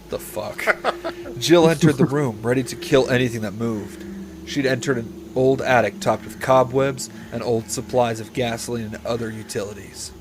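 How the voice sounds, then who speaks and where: A man hosting a comedy podcast, reading a story aloud in a deadpan voice that he breaks with swearing and asides. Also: medium pitch, background noise. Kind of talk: comedic read-aloud with banter.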